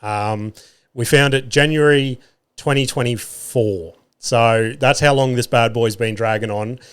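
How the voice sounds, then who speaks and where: A man's voice: medium pitch, steady tone, a little slow, smooth. An Australian man hosting a podcast, telling a comic story in a profane, exaggerated rant and talking straight to his listeners. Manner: fillers and restarts, addresses listeners directly. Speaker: podcast host.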